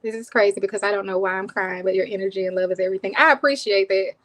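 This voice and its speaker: A woman's voice: mid-range voice, rapid-fire, a bit bright, low-quality recording. A woman hosting a live stream, chatting casually with viewers, thanking them by name and laughing often, with a voice people call soothing. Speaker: cooking channel host.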